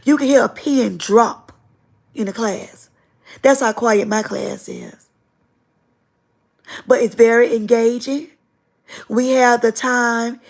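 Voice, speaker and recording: Animated woman chatting on a livestream. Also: a little high, slow, creaky, long pauses. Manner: animated, emphatic storytelling with repetition. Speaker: livestream host and teacher. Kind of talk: casual livestream chat.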